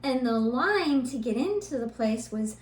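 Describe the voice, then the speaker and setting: A middle-aged woman co-hosting a podcast, telling a family story in a lively, animated way and laughing now and then. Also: a little high, a little slow. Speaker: podcast co-host, mother. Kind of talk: casual storytelling chat. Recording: roomy echo, faint hum.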